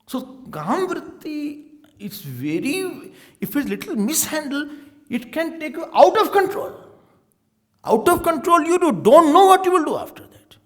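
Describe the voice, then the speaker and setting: A man with an Indian accent, a swami giving a spiritual discourse with animated storytelling and Hindi words mixed in. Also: very high voice, a little slow. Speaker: swami giving a scripture talk.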